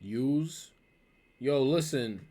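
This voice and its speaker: A man's voice: medium pitch, lively intonation, extremely slow, warm tone. A young man with a New York accent, reacting bluntly to a video in slangy casual commentary. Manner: blunt, slangy, cuts in often.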